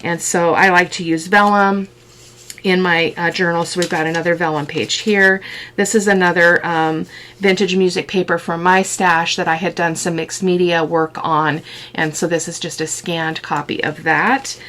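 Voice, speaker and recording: A woman's voice: fairly low pitch, level tone, normal speed, fairly bright tone. A woman hosting a casual crafting video, chatting fondly about tiny details as she shows her work at a desk. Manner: chatty, fond of tiny details, thinks aloud.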